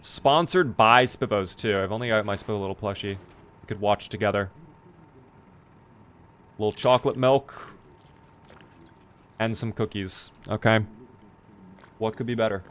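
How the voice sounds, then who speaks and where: A man's voice: on the low side, flat delivery, a little slow, pauses often, a little hiss or hum. A man casually commenting on his gameplay on a live stream, chatty and playful, joking with his chat.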